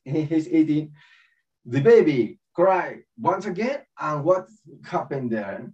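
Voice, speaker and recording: A man's voice: a little high, lively intonation, slow pace, dark tone. A man in his forties gives a personal spiritual talk in broken English. He acts out voices and laughs often. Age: 40s. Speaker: speaker at a spiritual festival. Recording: dull distant recording.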